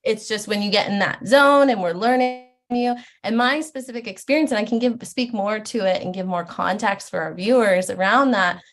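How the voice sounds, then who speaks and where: Enthusiastic woman guest, mid-pitched, chatty interview delivery. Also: normal speed, few pauses. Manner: enthusiastic, admiring, with frequent restarts. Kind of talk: casual interview chat.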